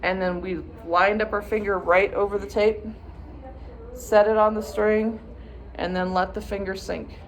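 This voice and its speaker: A woman's voice: medium pitch, little pitch movement, a little slow. A woman viola teacher patiently walking students through practice steps, sometimes chanting rhythm words. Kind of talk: instructional practice walkthrough.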